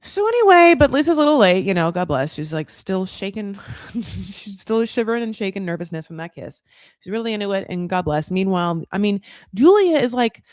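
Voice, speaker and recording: Brief: chatty woman recap host, lively swooping pitch, profane and gossipy, dry close mic. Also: a little fast, dry recording. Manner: candid, profane, gossipy, with a lot of "like". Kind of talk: casual commentary.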